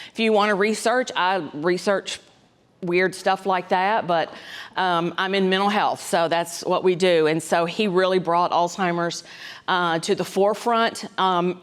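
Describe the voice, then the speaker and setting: A woman, a dementia specialist giving a folksy, conversational talk to caregivers, often checking in with "right?". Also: medium pitch. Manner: conversational, folksy, frequent ums and asides, keeps checking in with "right?".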